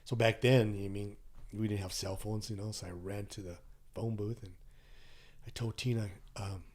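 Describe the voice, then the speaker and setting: Speaking at normal speed, a podcast guest in his sixties casually relates something that happened to him, loose and conversational with plenty of fillers and asides. He animates it by voicing the people in the story, his pitch jumping for each quote.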